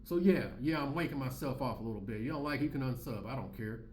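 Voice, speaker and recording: A man in his forties hosting his own channel, ranting in loud, profane, repetitive slang. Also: medium pitch, expressive, fast, roomy sound, a little hiss or hum. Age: 40s. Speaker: commentary channel host. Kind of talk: ranting commentary.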